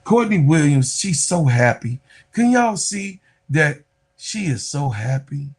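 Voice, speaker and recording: A man hosting a sports podcast, giving excitable, loud, casual commentary and talking straight to his viewers. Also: fairly high pitch, takes it slowly, slightly rough. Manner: excitable, loud, chatty, talks to viewers as y'all.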